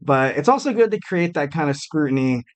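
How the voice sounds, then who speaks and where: A man's voice: a little high, animated, brisk. A man hosting a wrestling podcast in a casual, chatty way, with lots of fillers and restarts and some jokes at his own expense. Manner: chatty, many fillers and restarts, jokey self-mockery.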